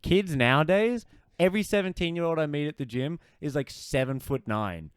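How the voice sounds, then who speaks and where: Clear-voiced young man, laughing banter. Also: on the high side, normal speed, dry recording, clean studio sound. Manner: laughs often, animated storytelling. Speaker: podcast co-host. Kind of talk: casual podcast banter.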